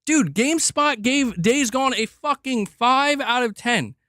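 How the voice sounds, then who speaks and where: A man hosting a livestream, ranting in a heated, animated way and swearing freely while reading chat. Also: extremely high pitch, measured pace, no room sound, studio quality. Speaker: streamer host. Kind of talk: casual livestream rant.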